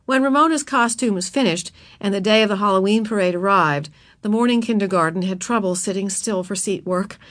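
A woman's voice: medium pitch, no room sound. A woman reading a children's chapter book aloud, narrating expressively and voicing the characters.

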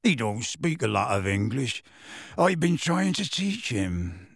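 A man voicing a big, bearded half-giant man who speaks in rough, homely grammar, earnest and close to tears. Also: mid-range voice, sing-song, a little slow, no echo, voice pushed down, exaggerated voice. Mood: earnest, pleading.

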